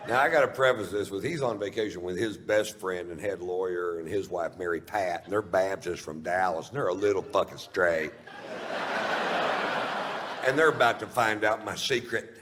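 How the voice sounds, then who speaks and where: A man's voice: low voice, normal speed, heavy background noise. A man telling a long profane stand-up story in a laid-back drawl. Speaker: stand-up comedian. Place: live comedy stage. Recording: reverberant live venue with faint ambience.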